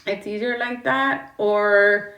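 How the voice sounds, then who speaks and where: A woman's voice: mid-range voice, steady tone, takes it slowly, fairly bright tone, echoey room, far from the mic. A woman livestreaming from her phone, talking bluntly and rambling, swearing and greeting her chat as she goes.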